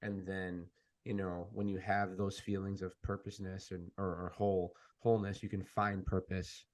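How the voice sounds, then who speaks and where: A man's voice: low-pitched, level tone, normal speed, darkish tone. A man hosting a podcast in casual conversation, asking thoughtful, searching questions with many fillers. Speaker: podcast host.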